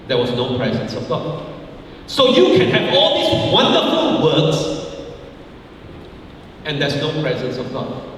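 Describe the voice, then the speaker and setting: A man's voice: a little high, a bit bright, slight background noise. A man preaching a sermon as pastor, emphatic, often repeating key phrases, in a church sanctuary. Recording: echoey hall, mic far off.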